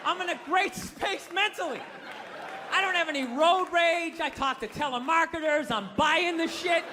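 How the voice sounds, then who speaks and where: At a moderate pace and a very high pitch, a Boston-accented man in his fifties works through a stand-up set at a comedy club. He rants with animated disbelief and acts out voices, and the live recording carries crowd noise and laughter.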